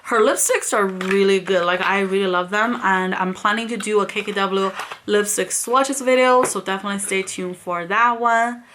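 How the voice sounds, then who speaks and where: A woman's voice: mid-range voice, fairly even intonation, moderate pace, fairly bright tone, a little hiss or hum. A young woman, a beauty vlogger, telling a storytime rant in an exasperated, casual way, full of "like" and "honestly". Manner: exasperated, repeats "like" and "honestly" often.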